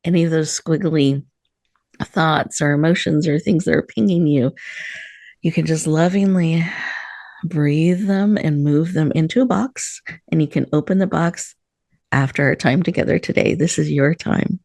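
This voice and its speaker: A woman hosting a show, gently guiding listeners through a slow breathing meditation in a soothing manner. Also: low-pitched, creaky, dry recording. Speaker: host.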